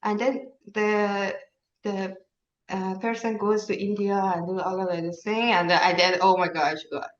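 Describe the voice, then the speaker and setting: A woman leading a workshop, telling a story in halting with many fillers, heard over a video call. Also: medium pitch, steady tone. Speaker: workshop leader. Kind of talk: casual storytelling. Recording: roomy, distant, dull sound.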